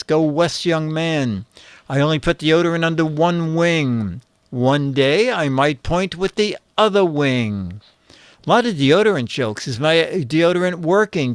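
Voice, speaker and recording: Slow, clear-voiced male host. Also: on the high side, no room sound. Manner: unhurried, reads captions aloud with dry jokes. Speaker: show host reading photo captions. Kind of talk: casual comedic chat.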